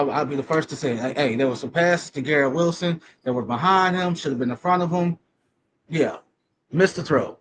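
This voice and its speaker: A man with a fairly high voice breaks down football in an animated, slangy way. He leans on "like" and "bro" and swears for emphasis. A faint hiss sits under the recording. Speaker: podcast co-host. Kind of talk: casual sports talk.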